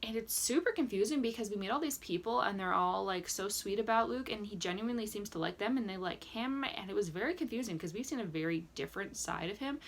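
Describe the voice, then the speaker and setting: A woman's voice: medium pitch, lively intonation, fast, hardly any pauses. A young woman recapping a reality dating show in a casual, sarcastic reaction vlog, full of "like" fillers. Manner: chatty, sarcastic, lots of "like" fillers. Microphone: camera mic with ring light, indoors.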